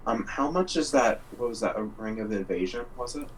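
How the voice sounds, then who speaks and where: A man's voice: mid-range voice, a little fast, far from the mic, slight background noise, low-quality recording. A man playing a tabletop role-playing game, hesitant and full of fillers. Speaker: player. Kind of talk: casual tabletop play.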